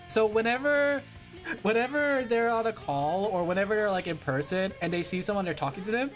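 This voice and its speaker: A woman from California chatting casually on a livestream while drawing, rambling and laughing often. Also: mid-range voice. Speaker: VTuber streamer.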